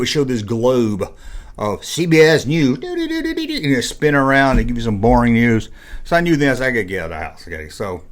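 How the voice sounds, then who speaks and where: A man in his fifties, a vlogger telling a chatty, rambling personal story with acted-out dialogue. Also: mid-range voice. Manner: rambling, chatty, animated retelling with acted-out quotes. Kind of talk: casual storytelling.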